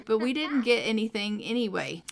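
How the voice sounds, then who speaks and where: A woman's voice: fairly high pitch, sing-song, normal speed, gravelly. A woman narrator plays a defensive mother in a game story, answering curtly and brushing off criticism. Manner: defensive, curt. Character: defensive divorced mother, middle-aged woman.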